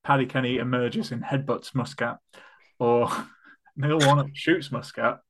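A man's voice: medium pitch, steady tone, a little slow, background noise. A man hosting a casual football podcast, chatty and full of ums as he steers the segment. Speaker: podcast host. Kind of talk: casual chat.

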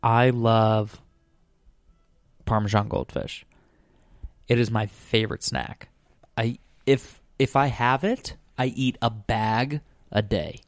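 A man's voice: medium pitch, steady tone, takes it slowly, long pauses, no echo. A man hosting a podcast in casual chat, hopping from one tangent to the next. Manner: rambling, tangent-hopping storyteller. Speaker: podcast host.

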